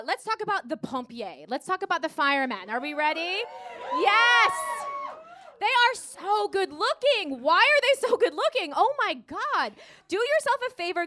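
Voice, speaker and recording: An American woman performing a live stand-up set, animated and acting out dialogue in voices. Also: very high voice. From United States. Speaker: stand-up comedian. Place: theater stage before a laughing audience.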